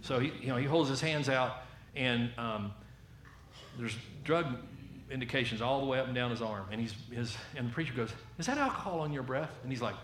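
A man with a Southern American accent preaching a sermon as a lively storyteller, acting out the voices of the people in his story. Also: medium pitch, fairly quick, reverberant, a little hiss or hum.

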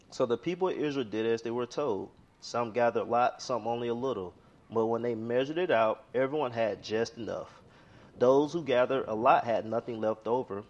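A man's voice: medium pitch, a little mellow, muffled recording. A man preaching a sermon in a conversational way, telling a story and reading scripture aloud.

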